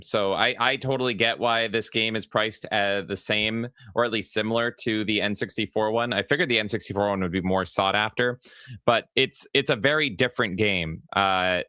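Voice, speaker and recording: A man co-hosting a gaming podcast in casual, excitable chat, swearing freely. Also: low-pitched, clean tone, no room sound, studio quality. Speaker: podcast co-host.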